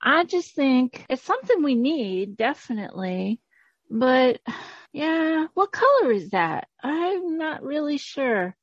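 A woman in an improv comedy game, musing slowly and wondering aloud. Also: high-pitched, big pitch swings, no echo, lo-fi sound.

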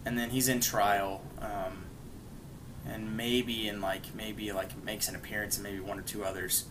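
A man's voice: on the low side, level tone, measured pace, noisy background. A man co-hosting a podcast, casually recapping an episode in a rambling way with lots of "like" and "you know" fillers. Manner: briefly acts out characters' lines while retelling. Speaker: podcast co-host.

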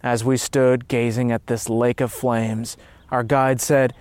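A man telling a story in steady, earnest scripted narration. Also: medium pitch, slow pace, clear, resonant tone, no echo.

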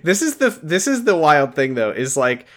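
Lively, laughing man recapping a show. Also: fairly high pitch, moderate pace. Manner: laughs often, acts out lines from the show. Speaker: podcast co-host. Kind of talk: casual chat recapping a TV episode.

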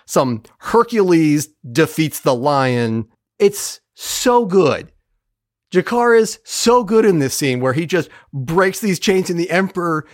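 A podcast host casually recapping a TV episode with heavy swearing and animated retelling. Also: medium pitch, no room sound, studio quality. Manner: profane, animated retelling of plot. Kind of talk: casual chat.

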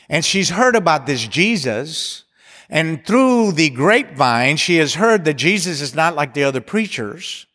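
A man's voice: fairly high pitch, a bit bright, long reverb tail. A man preaching a sermon, building to passionate appeals and mixing in humor. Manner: preaching with rising intensity and leading songs. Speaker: pastor.

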